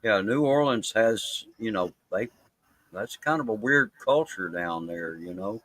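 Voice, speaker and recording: A man from Mississippi with a Southern accent, talking as a guest on a casual live-stream interview, halting and full of fillers. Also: on the low side, expressive, a bit bright, no room sound, poor audio. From Mississippi, USA. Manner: halting, many fillers and restarts. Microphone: close mic.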